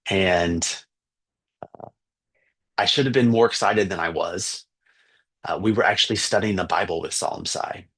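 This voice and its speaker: A man's voice: deep voice, normal speed, long pauses, fairly bright tone, husky. A man, a missionary teacher, earnestly telling a story for fundraising, with fillers and restarts.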